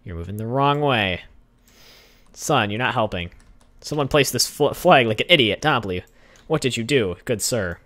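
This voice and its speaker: A man's voice: mid-range voice, animated, normal speed, fairly bright tone, no echo. A young man hosting a gaming channel, giving casual gameplay commentary, chatting to the characters on screen and getting easily exasperated.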